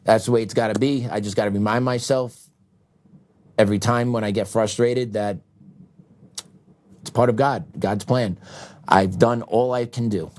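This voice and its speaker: A man's voice: lowish voice, fairly even intonation, moderate pace, long pauses, a little mellow. A middle-aged man hosting a show, delivering a heated political commentary monologue with asides and short laughs. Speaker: show host.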